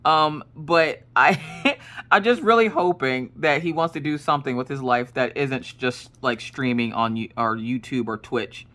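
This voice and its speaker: A woman's voice: a bass voice, measured pace, fairly bright tone. A woman in her thirties chatting casually while she crafts. She rambles and often corrects herself mid-sentence. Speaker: crafting streamer.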